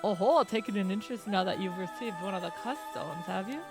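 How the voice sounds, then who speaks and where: A woman's voice: medium pitch, fast, music in the background, close to an everyday voice. A woman voicing a proud, egotistical male teacher in a game, speaking in a pompous, formal way.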